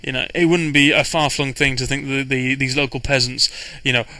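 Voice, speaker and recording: A man's voice: medium pitch, steady tone, brisk, bright, forceful tone, dry recording, rough recording. A man, a game master, casually recounting his tabletop campaign in a rambling way, with frequent restarts and fillers. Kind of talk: casual storytelling recap.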